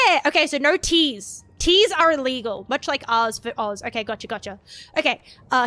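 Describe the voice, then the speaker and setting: High bright woman streamer reading creepy stories, laughs and swears a lot, music low behind. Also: lively intonation, brisk. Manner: giggly and sweary, chats with viewers between lines. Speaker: vtuber streamer.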